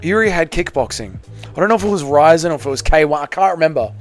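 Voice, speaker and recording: A young New man chats on a casual livestream, reading comments aloud and answering them. He talks quickly and rambles, throws in plenty of "like" and the odd swear, in a voice pitched slightly high. Soft music plays faintly under him. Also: animated. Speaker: MMA livestreamer.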